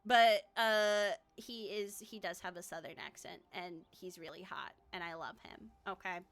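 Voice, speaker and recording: A woman's voice: mid-range voice, fairly even intonation, normal speed, a bit bright. A woman streamer chatting casually about her own characters, rambling with lots of fillers and frequent laughter.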